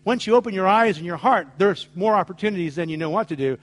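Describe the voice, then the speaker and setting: A middle-aged American pastor with a high-pitched voice speaks at a quick pace. He preaches a sermon emphatically, telling stories and acting out the dialogue.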